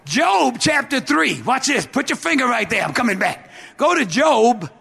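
A man's voice: very high-pitched, very animated, moderate pace, vocal fry, bright, forceful tone. A male pastor preaching an emphatic, repetitive sermon.

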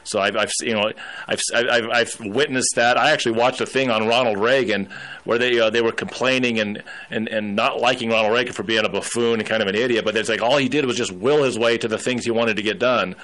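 A man hosting a talk show, speaking in a halting way and repeating his words. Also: medium pitch, steady tone, fairly bright tone, rough recording. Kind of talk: casual talk radio chat.

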